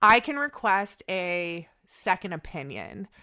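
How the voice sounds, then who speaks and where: A woman in her thirties with a bright, forceful voice, chatting casually as a podcast guest. She tells her story with energy and acts out both sides of the conversations she quotes. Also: on the low side, sing-song, slow pace.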